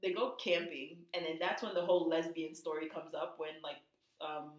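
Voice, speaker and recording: A woman co-hosting a casual podcast, telling gossip and acting out quotes in high voices. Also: steady tone, normal speed. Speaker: podcast co-host. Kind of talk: casual chat. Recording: echoey room.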